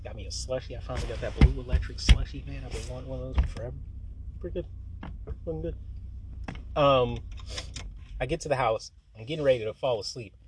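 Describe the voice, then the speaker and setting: A man telling a story in casual chat, swearing freely and laughing, his voice jumping high when he gets worked up. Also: steady tone, fast, long pauses, noisy background.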